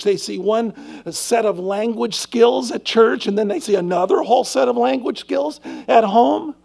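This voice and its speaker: A male pastor gives an earnest, emphatic sermon, pressing rhetorical questions on his congregation. His fairly high voice is heavily gravelly and husky, with a darkish tone.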